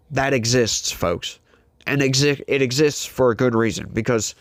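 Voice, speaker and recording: A man's voice: medium pitch, no room sound. A man hosting a political commentary show, delivering an opinionated monologue straight to his audience in an emphatic, preachy way.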